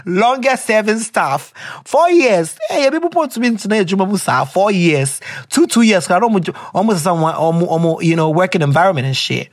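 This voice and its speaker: A man's voice: high voice, expressive, moderate pace. A young Ghanaian man with a Ghanaian accent, hosting an advice show and reading listeners' letters in a playful, teasing way. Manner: playful and teasing, with pet names. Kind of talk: casual advice chat.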